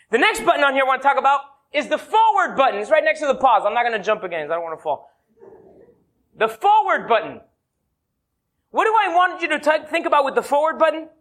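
A man preaching a sermon as a pastor, telling playful stories and slowing down hard to stress his points. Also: very high-pitched. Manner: animated, playful storyteller who slows down for emphasis. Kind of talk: sermon with humorous anecdotes.

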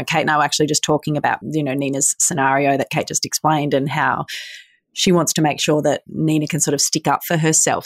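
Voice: medium pitch, dry recording. Podcast co-host who chimes in to agree. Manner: brief agreeing interjections. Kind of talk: podcast chat.

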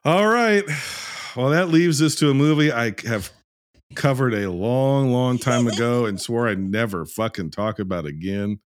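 A man's voice: mid-range voice, unhurried, no echo, clean studio sound. A man hosting a film review podcast in casual chat, with a profane, ranting, sardonic way of talking. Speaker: podcast host reviewing films.

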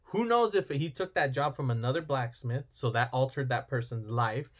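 Casual podcast co-host, male, mid-pitched, rambling recapper who slips into character lines. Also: normal speed. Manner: rambling storyteller, acts out film lines. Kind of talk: casual movie recap chat.

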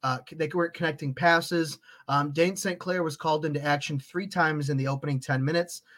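A man's voice: on the high side, fairly even intonation, a little fast, fairly bright tone. American man hosting a sports podcast. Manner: filler-heavy, restarts phrases. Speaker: podcast host. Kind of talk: casual sports chat.

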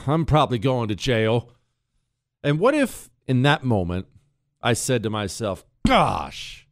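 Animated man hosting talk radio. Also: medium pitch, smooth, dry recording, studio quality. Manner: animated storytelling with mock quotes and rhetorical questions. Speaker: radio talk show host. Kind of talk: political talk radio monologue. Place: radio studio. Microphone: studio microphone.

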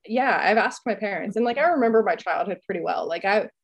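A woman in her thirties talks in a loose, chatty way, padding her sentences with fillers. Her voice sits at a middling pitch, and she breaks into laughter often. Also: lively intonation, fast talker, breathy edge. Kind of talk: casual chat.

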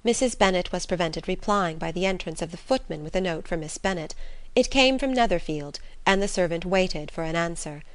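A woman narrating a classic novel in an even, composed way. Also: lowish voice, brisk, dry recording. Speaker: audiobook narrator.

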